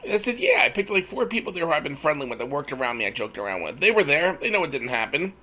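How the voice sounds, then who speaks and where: Animated male podcast storyteller. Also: on the high side, fast. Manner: animated storyteller, acts out quoted voices. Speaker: podcast host. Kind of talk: storytelling anecdote.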